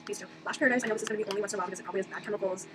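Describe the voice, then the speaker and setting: A woman's voice: medium pitch, racing, music in the background. A young woman vlogging in a rambling, casual monologue, filling her talk with "like" and acting out what others said. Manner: rambling, heavy use of "like", quoting others in voices. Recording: noisy home recording.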